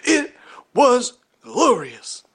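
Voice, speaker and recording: A man doing an impression of a veteran male sportscaster, with a bombastic, drawn-out announcer delivery. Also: extremely high pitch, wildly swooping pitch, fairly bright tone, husky, voice pushed up, full character voice. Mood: pompous.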